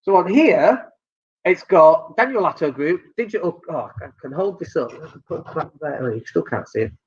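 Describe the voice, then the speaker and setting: Blunt, animated Northern English man. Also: fairly high pitch, moderate pace, dull audio. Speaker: business coach. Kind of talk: live-streamed advice talk.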